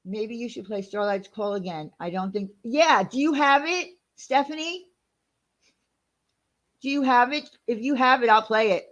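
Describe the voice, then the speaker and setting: A woman hosting a channel in a casual livestream chat. She talks in an animated, indignant, gossipy way. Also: on the high side. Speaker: channel host.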